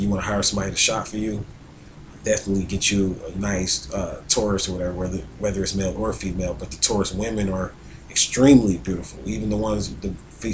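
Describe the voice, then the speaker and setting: Male astrologer, low voice, easygoing and rambling delivery with frequent fillers. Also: slight background noise, low-quality recording. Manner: rambling, conversational, many fillers and restarts. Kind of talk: casual spoken talk on astrology.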